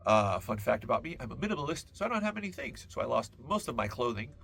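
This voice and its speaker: A man hosting a podcast, telling a rambling comic story full of absurd tangents and deadpan asides. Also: mid-range voice, fast, creaky, a little hiss or hum. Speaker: podcast host. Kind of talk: comedic podcast monologue.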